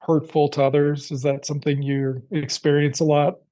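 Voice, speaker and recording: A woman's voice: low voice, flat delivery, normal speed, dark tone. A woman co-hosting a podcast in casual chat, making dry, wry asides and asking questions. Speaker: podcast co-host.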